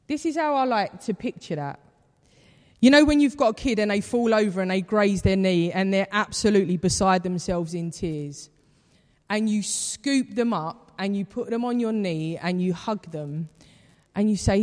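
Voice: medium pitch, normal speed. A preacher giving a sermon in a conversational, storytelling way. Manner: conversational storytelling, acts out quoted voices. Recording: long reverb of a large hall.

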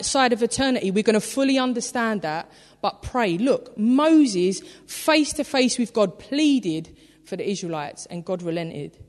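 Woman pastor, lively conversational sermon, recorded with long hall reverb. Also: on the high side. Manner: chatty, animated storytelling with frequent "like". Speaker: preacher. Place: church.

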